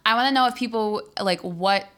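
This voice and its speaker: Laid-back bright-voiced young woman. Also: mid-range voice, brisk. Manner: laid-back, profane reactions. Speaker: podcast co-host. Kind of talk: casual chat.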